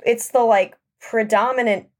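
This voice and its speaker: A woman's voice: on the high side, steady tone, unhurried. A woman chatting as a podcast guest, talking in a hedging, rambling way with many fillers. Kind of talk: casual chat.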